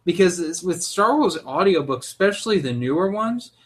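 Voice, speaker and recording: A man's voice: sits high, normal speed. Opinionated young man on a podcast. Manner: animated, opinionated, jumps into loud mock voices. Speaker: podcast co-host. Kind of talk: casual podcast chat.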